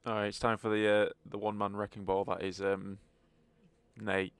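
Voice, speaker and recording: A man's voice: fairly low pitch, monotone, normal speed, smooth, dry recording. A man narrating a tabletop game as game master, in a wry, joking manner.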